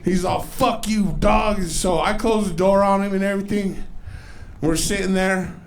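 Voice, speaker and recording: A man in his forties doing a profane stand-up comedy set on a club stage, telling loose stories and putting on loud, exaggerated voices. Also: high-pitched, steady tone, moderate pace, faint music behind. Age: 40s.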